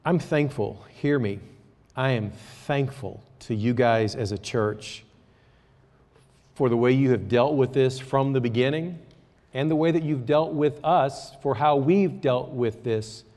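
A man preaching a sermon to his church, talking to the congregation in a conversational way that moves between quiet asides and raised exhortation. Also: medium pitch, unhurried, long reverb tail. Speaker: pastor.

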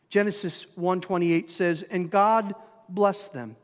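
A man's voice: a little high, unhurried, long pauses. A man with a Minnesotan accent preaching a sermon, asking the congregation questions with emphasis. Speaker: pastor. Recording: long hall reverb.

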